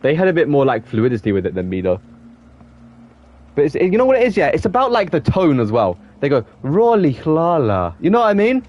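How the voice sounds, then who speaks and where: A young Englishman chats with his viewers while streaming a game, his fairly high voice very animated and quick, a little mellow. He rambles, admits to waffling, and restarts his sentences often, all on dull-sounding audio.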